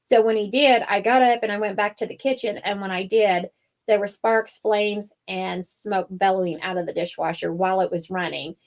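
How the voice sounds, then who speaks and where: A talkative woman co-hosts a casual craft show. She rambles through her story with frequent fillers and an easygoing, everyday delivery at a middle pitch. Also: steady tone, moderate pace. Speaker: wreath-making show co-host. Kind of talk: casual chat.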